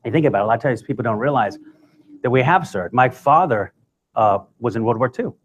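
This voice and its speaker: A man's voice: mid-range voice, big pitch swings, quick pace, breathy edge, muffled recording. A man giving a talk to an audience as a guest speaker, telling stories in a conversational style with joking asides. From United States. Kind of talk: comic storytelling talk.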